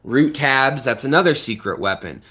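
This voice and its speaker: A man's voice: mid-range voice, lively intonation, normal speed, pushed and bright, slightly rough. A man hosting an aquarium channel, giving a loose, rambling on-camera tutorial beside his tank and pointing out its parts, with frequent fillers and restarts. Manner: shows and points at parts of the tank while explaining.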